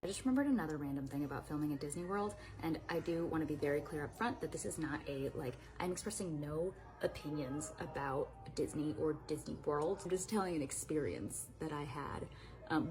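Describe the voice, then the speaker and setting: A woman's voice: sits low, expressive, a little fast, music in the background. A woman recalling her days as an actress in a casual, rambling vlog story, full of restarts and bursts of laughter. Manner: breaks into laughter and acts out quotes. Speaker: actress recalling filming stories.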